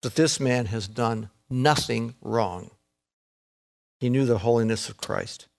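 A man preaching a sermon in a folksy way, peppering his talk with "man" and "folks", swinging between raised excited passages and hushed, intense ones. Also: medium pitch, slow, creaky. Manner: folksy, says "man" and "folks", repeats words. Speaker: pastor.

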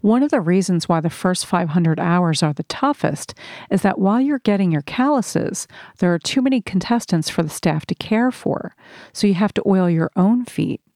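A woman narrating a first-person audiobook in a slow, measured reading. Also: fairly low pitch, animated, a little mellow, dry recording, clean studio sound.

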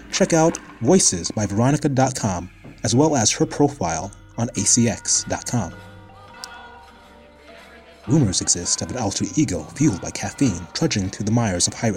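A man as podcast announcer reading a narrator's bio in an even, measured way. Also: on the low side. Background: faint music.

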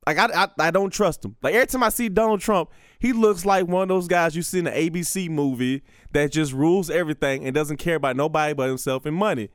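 A young man, a stand-up comedian, rambles to camera with cursing and stammered restarts. His voice sits fairly high and sounds smooth and resonant, recorded close and dry. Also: fast talker, few pauses, dry recording. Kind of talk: casual talk to camera.

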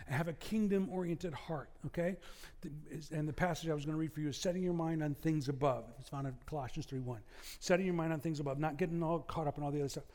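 A man preaching a sermon, conversational and lively, with asides and humor to the congregation. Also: a little high, long reverb tail. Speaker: pastor.

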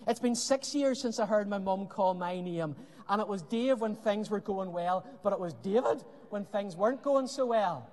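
A man preaching a sermon with earnest emphasis and dramatic pauses, often dropping to a hushed voice. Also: sits high. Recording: long hall reverb.

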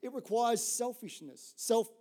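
At a measured pace, a middle-aged pastor from Australia preaches through storytelling, his voice fairly high. He sounds lively and chatty, repeatedly tossing out "right?" to the congregation as he moves between humor and earnest messages.

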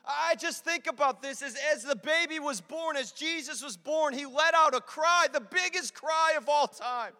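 A male pastor preaching an impassioned sermon to a congregation in church, building to loud, emphatic repetitions. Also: very high-pitched. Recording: long hall reverb with music behind.

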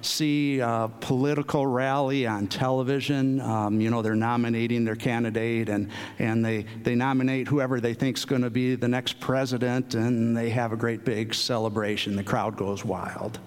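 Male preacher, unhurried and halting, mid-range voice, long hall reverb. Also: medium pitch, little pitch movement, clean tone. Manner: unhurried, many fillers and restarts. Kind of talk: sermon.

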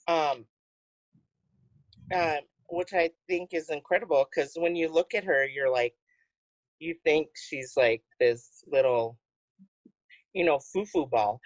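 A woman co-hosting a podcast in casual chat, rambling through her thoughts with many pauses. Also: low-pitched, no room sound, muffled recording. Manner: rambling, hesitant with fillers. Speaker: podcast co-host.

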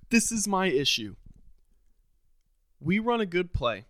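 A man hosting a podcast, delivering a frustrated, sarcastic solo rant with sudden leaps up in pitch and loudness. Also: animated, measured pace, dry recording, studio quality. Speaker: podcast host.

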